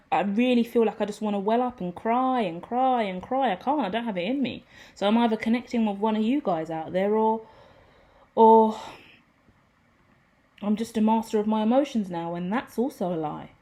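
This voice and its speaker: A woman giving a casual, rambling tarot reading to her viewers, excitable, swearing freely and laughing at herself. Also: medium pitch. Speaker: tarot reader.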